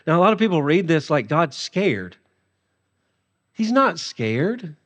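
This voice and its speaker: A man pastor preaching a sermon in a humorous, animated manner. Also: on the high side, slow, long pauses, long reverb tail.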